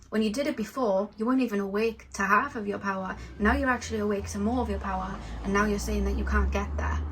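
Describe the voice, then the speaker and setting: A woman's voice: mid-range voice, husky. A woman giving a casual, rambling tarot card reading to her viewers. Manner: rambling and animated, filler-heavy. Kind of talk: casual spiritual reading to camera.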